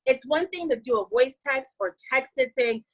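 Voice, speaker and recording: A woman's voice: high voice, animated, moderate pace, fairly bright tone, low-quality recording. A woman giving an upbeat, emphatic motivational talk to her sales team, speaking casually. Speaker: network marketing team member.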